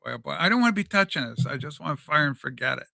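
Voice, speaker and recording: A man hosting a casual livestream chat, rambling and animated with plenty of fillers. His voice sits high for a man and sounds very bright and sharp. The desk mic picks him up dry and close. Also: very fast, vocal fry, no room sound. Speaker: livestream show host. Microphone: desk microphone.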